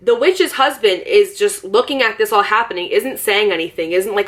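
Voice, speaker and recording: A young woman vlogger telling a story in a casual, animated way, laughing often. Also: medium pitch, a little slow.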